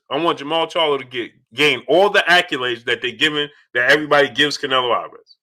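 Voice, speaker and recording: A man's voice: mid-range voice, quick pace, bright, forceful tone. A man hosting a casual boxing livestream, reading out super chats and making his points emphatically, often restarting his phrases.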